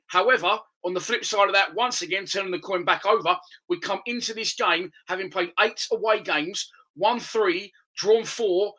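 On a football podcast, a man offers an opinionated, conversational fan's preview of the upcoming match. He talks high-pitched and a little fast, barely pausing, with a sharp tone, and the recording quality is low.

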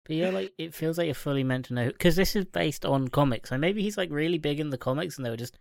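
Gravelly-voiced man, podcast guest. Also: fairly high pitch, quick pace, no room sound, clean studio sound. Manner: hesitant, lots of "like". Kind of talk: casual chat.

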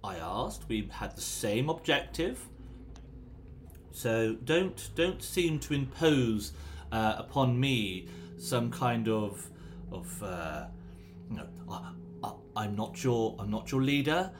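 A man's voice: mid-range voice, lively intonation, slight background noise. A man voicing a cool, formal noblewoman. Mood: cold. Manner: formal, measured, distant.

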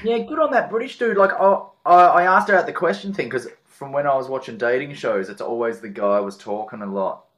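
A man's voice: mid-range voice, lively intonation, fairly quick, fairly bright tone. A man from Australia, a comedian guest telling jokey, laid-back stories in casual chat.

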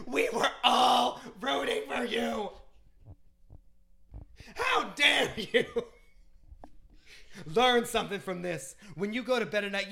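A man's voice: mid-range voice, close to an everyday voice. A man playing a female TV host who scolds a contestant in an impassioned monologue.

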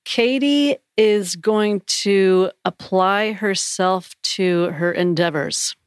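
A woman co-hosting a podcast in casual chat, playful and quick to laugh. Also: mid-range voice, clean tone, dry recording, clean studio sound. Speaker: podcast co-host.

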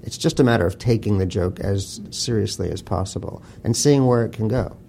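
Author guest, male, gravelly and mellow, blunt profane storyteller with a faint hum behind. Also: fairly low pitch, brisk. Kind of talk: casual interview talk.

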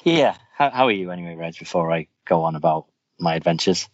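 Here a podcast host with a low, expressive voice rambles through casual stories, often starting over mid-thought. His delivery is brisk and the recording dry, yet dull and lo-fi, with faint music underneath.

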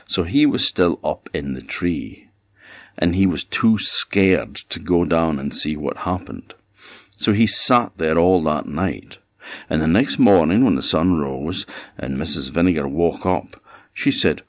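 Deep, slow Orkney storyteller man. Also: no room sound. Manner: unhurried, expressive storytelling. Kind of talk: oral folktale telling. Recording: dull dry lo-fi recording.

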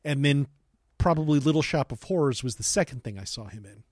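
A man's voice: mid-range voice, expressive, brisk, darkish tone, dry recording, clean studio sound. A man co-hosting a podcast in casual chat, joking and teasing, swearing casually. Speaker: podcast co-host.

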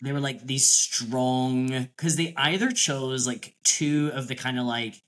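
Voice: medium pitch, measured pace, a bit bright. Rambling co-host, casual chat. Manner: rambling, filler-heavy, swears casually, acts out quotes. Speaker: podcast co-host.

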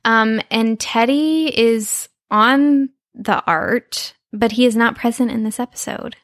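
A woman's voice: on the high side, slow pace, fairly bright tone, no echo, clean studio sound. Upbeat woman podcast co-host. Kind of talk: casual chat recapping a cartoon.

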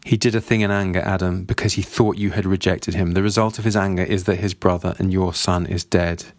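A man reading the lines of a weary, philosophical older male servant in a measured, grave way. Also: low voice, steady tone, dry recording. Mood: earnest.

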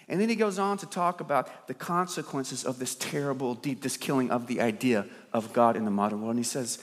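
A man preaching a sermon as a dramatic storyteller, firing rhetorical questions and swinging between loud and soft. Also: mid-range voice, lively intonation, a little fast, hardly any pauses. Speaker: pastor. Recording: long hall reverb.

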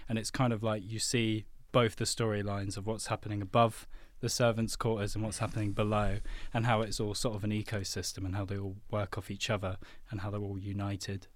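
A man's voice: lowish voice, flat delivery, a little fast, hardly any pauses, dry recording. A man co-hosting a podcast in casual chat, telling a story playfully and laughing often. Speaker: podcast co-host.

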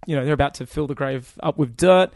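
A man's voice: a little high, fast talker, darkish tone, no echo, studio quality. A man co-hosting a podcast, chatting casually and sarcastically about a film, swearing freely. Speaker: podcast co-host. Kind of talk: casual movie review chat.

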